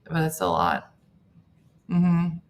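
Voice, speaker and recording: Low-pitched middle-aged woman, casual chatty host who reacts quickly. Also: big pitch swings, a little hiss or hum. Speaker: host reading viewer comments. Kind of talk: casual chat.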